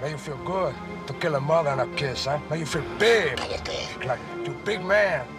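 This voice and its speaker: An actor playing a volatile, furious drug lord in a film clip, shouting and cursing. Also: male voice, fairly high pitch, moderate pace, natural voice. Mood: enraged. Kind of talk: film dialogue. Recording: film clip with music behind.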